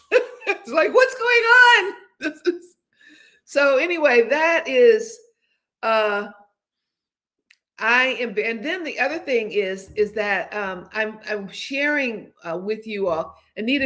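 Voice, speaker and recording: A woman's voice: mid-range voice, fairly bright tone. A woman in her seventies, hosting a livestream and chatting candidly in a rambling way, with many fillers and restarts. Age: 70s. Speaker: host. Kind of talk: casual livestream chat.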